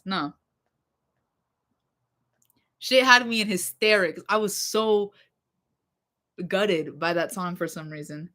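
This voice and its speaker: A woman's voice: mid-range voice, measured pace, long pauses, sharp tone. A young woman vlogger chatting casually about songs that move her, rambling with lots of fillers and laughing asides. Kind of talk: casual chat about music.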